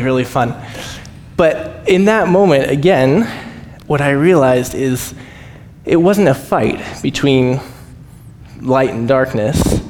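A man preaching as a missionary, telling stories with lively acted-out voices and frequent laughs. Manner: animated, acts out quoted voices, laughs often. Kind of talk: storytelling sermon. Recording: echoey hall, faint rumble.

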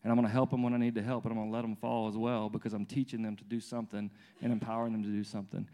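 A man in his thirties with a lowish voice preaches rapid-fire but informally, sharing family stories riddled with restarts and fillers. He brings them to life by voicing his toddler and himself.

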